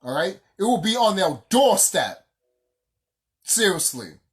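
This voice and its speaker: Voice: mid-range voice, sing-song, takes it slowly. A vlogger ranting off the cuff, heated and profane, repeating phrases for emphasis. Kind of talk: casual unscripted rant.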